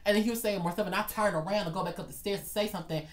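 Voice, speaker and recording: A man telling a dramatic storytime vlog in an animated way, talking straight to his viewers. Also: sits high, very fast, echoey room. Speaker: vlogger.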